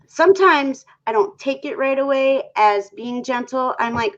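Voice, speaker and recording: On a talk show, a woman whose voice sits high talks at normal speed about her relationship, speaking candidly. Her storytelling is lively, playing out her own earlier quotes and exchanges, and the sound quality is dull and lo-fi.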